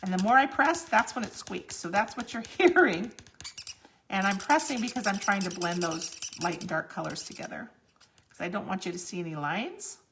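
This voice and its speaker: Chatty woman with a gravelly, bright voice. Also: medium pitch, moderate pace, a little hiss or hum. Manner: chatty, explains each step while working. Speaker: crafting demonstrator. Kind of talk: live crafting tutorial.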